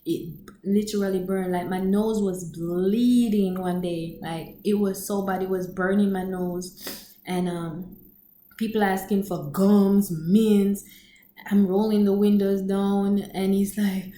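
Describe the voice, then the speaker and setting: A woman telling a story in casual chat on her vlog, animated and laughing often, acting out quotes in a high voice. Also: slow pace, roomy sound, a little hiss or hum, poor audio. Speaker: storyteller vlogger.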